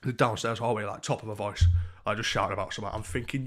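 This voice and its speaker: A man's voice: mid-range voice, quick pace, a bit bright. A young man, a streamer telling a rambling, sweary story in casual chat.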